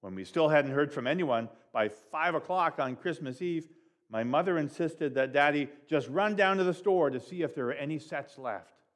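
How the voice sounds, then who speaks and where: A man reading a Christmas story aloud expressively at a children's time in church, with big swings in pitch and loudness. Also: lively intonation, moderate pace.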